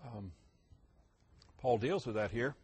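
A man preaching a sermon, posing rhetorical questions and answering them emphatically, his voice rising loud and dropping quiet. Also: medium pitch, takes it slowly, slightly rough. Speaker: pastor.

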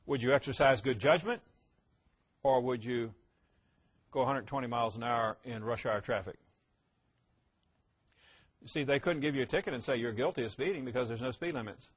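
A man preaching a sermon, posing rhetorical questions and answering them emphatically, his voice rising loud and dropping quiet. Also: mid-range voice, moderate pace, pauses often, slightly rough. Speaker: pastor.

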